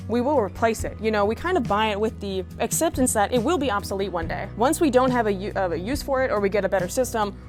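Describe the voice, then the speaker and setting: A woman giving a comedic rant monologue, exasperated, swearing and animated. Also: medium pitch. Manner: profane, exasperated, animated ranting. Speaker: comedic commentator.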